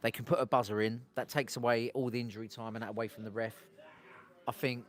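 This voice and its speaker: An English man with a mid-range voice and level tone talks quickly while hosting a casual live stream outdoors on a street. He rambles, interrupts himself, and breaks off to address his viewers.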